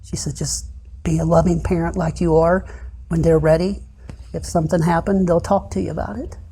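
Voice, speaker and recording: Man, middle-aged, gravelly, dark tone, halting testimony, soft and low. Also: level tone, a little hiss or hum. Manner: halting retelling, heavy with "uh" and "I said". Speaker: interview guest. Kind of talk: personal testimony in conversation.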